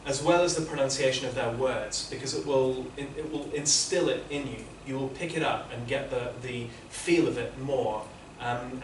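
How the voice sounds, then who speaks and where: In a classroom, a mid-range-voiced man instructs interpreting students, patiently explaining his feedback and restarting many times. The recording is echoey and distant, with slight background noise.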